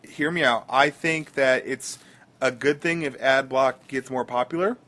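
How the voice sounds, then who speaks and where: A man's voice: mid-range voice, a little slow, sharp tone. A man co-hosting a casual podcast, rambling through stories with many fillers and restarts. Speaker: podcast co-host.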